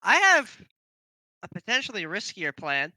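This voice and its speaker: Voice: medium pitch, wildly swooping pitch, measured pace, pushed and bright, no room sound. A player in a tabletop game, laying out plans step by step. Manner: plotting, lays out plans step by step.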